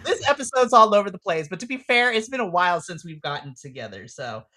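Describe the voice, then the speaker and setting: Giggly, bright-voiced game master. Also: medium pitch, expressive, quick pace. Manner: giggly, rambling, playful. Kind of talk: actual-play podcast narration and chat.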